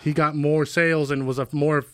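A man in casual banter, cracking crude deadpan jokes. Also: on the high side, moderate pace, no room sound, studio quality.

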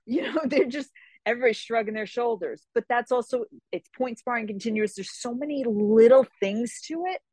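A woman guest in a casual interview, telling stories in an animated way with laughs between phrases and quick voices for other people. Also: fairly high pitch, dry recording. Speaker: guest, fantasy novelist and martial artist.

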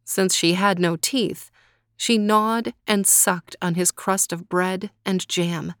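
A woman hosting a children's story podcast, narrating a folk tale in a gentle, measured way. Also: lowish voice, steady tone, no echo, studio quality. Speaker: storyteller host.

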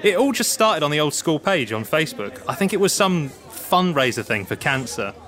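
A man playing a breezy, matter-of-fact man in a comedy sketch, with a deadpan manner. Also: fairly high pitch, normal speed. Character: matter-of-fact man who goes along with everything.

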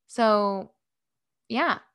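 Woman, podcast co-host, casual chat, rambling, giggly, middle pitch, dry sound. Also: very slow, a bit bright, clear, resonant tone, dry recording. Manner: chatty, giggly, rambling with many fillers.

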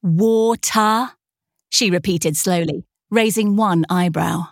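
A woman, a professional audiobook narrator, reading with expressive, polished delivery. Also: fairly low pitch, measured pace, creaky, no echo, studio quality.

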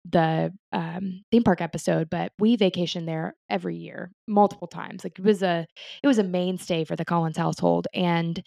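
A woman's voice: on the low side, vocal fry, darkish tone, no room sound, clean studio sound. A young woman co-hosting a podcast, speaking in a reflective, earnest way in casual chat. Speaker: podcast co-host.

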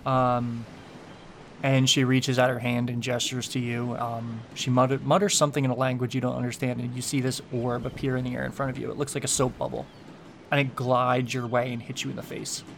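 A man runs a tabletop game, describing scenes at an easy, relaxed pace and dropping fillers as he goes. His voice sits at a middle pitch. Faint background noise stays behind him. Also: a little fast, vocal fry. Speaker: game master.

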